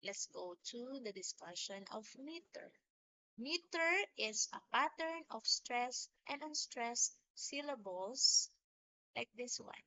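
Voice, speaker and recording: A woman teacher giving a recorded lecture on poetry, explaining slowly and deliberately with small restarts. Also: a little high, animated, sharp tone, muffled recording, slight background noise.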